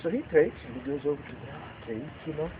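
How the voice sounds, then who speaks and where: A man with a highish voice tells a spooky story fast to his family around a bonfire at night. He's lively and acts out the panicked lines of the characters, caught on a tinny, noisy home video.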